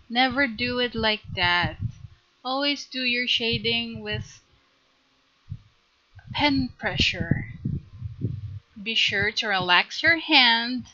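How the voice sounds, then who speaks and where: A woman teaching a live drawing tutorial on stream, chatty and giggly, gently coaching her viewers. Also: a little high, highs cut off.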